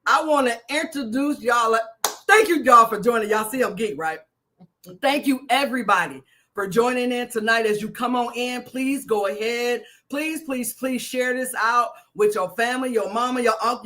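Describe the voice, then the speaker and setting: A woman minister hosting a casual live stream, excitable and talkative, who often repeats herself and greets viewers by name. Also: fairly high pitch, moderate pace.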